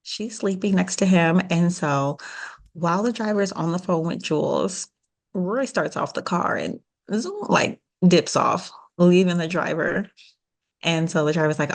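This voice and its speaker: A woman's voice: on the low side, a little slow, creaky. A woman co-hosting a podcast, casually recapping a TV episode and acting out the characters' lines. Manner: animated retelling with quoted voices. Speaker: podcast co-host.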